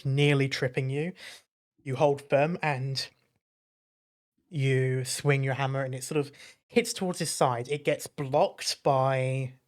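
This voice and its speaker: A game master narrating a tabletop fantasy game in an unhurried, conversational way, often pausing to find the next word. The delivery sits at a middle pitch and moves at a slow pace. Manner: relaxed narration with frequent hesitations.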